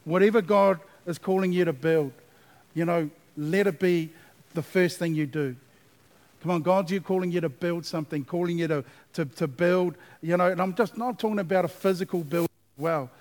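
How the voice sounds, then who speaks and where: Male pastor, fairly high voice, sermon with rising repeated refrains. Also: normal speed, darkish tone. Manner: preaching with call-and-response asides, building to emphatic repetition.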